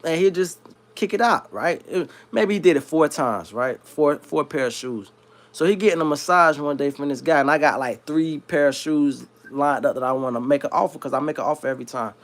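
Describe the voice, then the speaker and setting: A man from South Florida who hosts a livestream, telling a long story in a slangy, rambling, animated way. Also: on the high side. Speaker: livestream host. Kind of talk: casual storytelling.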